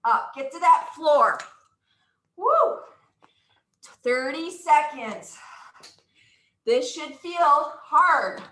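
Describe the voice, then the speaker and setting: High, bright upbeat woman coaching exercise. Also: slow pace, echoey room, low-quality recording. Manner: upbeat, encouraging, counts out moves with whoops. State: out of breath. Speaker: exercise instructor. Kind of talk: live exercise class coaching.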